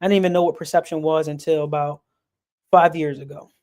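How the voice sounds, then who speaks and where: Guy talking earnest on a stream, kinda high voice, pretty flat tone, says and and and a lot. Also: a little fast. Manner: earnest, repeats words while searching for them. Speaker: speaker on a sports and mental health stream. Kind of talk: earnest personal talk.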